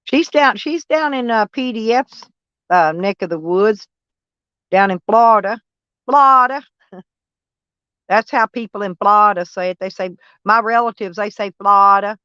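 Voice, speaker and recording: In a mid-range voice that's fairly bright, clear, and resonant, a woman with a Southern American accent talks a little slowly on her livestream. She rambles casually and answers chat by name, over a dull, lo-fi, dry recording with no echo.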